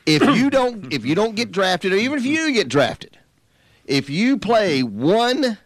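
A man's voice: high-pitched, big pitch swings, unhurried, no room sound, clean studio sound. A man co-hosting a sports radio show, giving his opinion casually with many restarts. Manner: casual, hesitant restarts, laid-back pushback. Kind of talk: heated sports radio debate.

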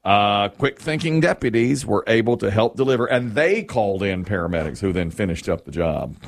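A man's voice: on the low side, normal speed, gravelly. A middle-aged man hosting a casual talk show, retelling a news story and acting out the quotes. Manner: animated storyteller, acts out quotes. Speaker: radio show host.

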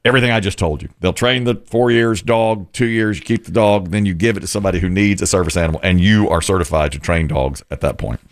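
A middle-aged man with a low, gravelly voice tells a story and swings his pitch widely as he acts out other people's lines. The sound is dry and close. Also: fast, few pauses, dry recording. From North Carolina. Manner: animated, acts out quotes of others. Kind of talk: casual storytelling chat.

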